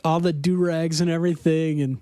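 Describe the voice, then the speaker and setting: A man's voice: on the high side, level tone, fairly quick, mellow, clear, resonant tone. A man telling a story in casual chat as a podcast guest, laughing often as he talks. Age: adult.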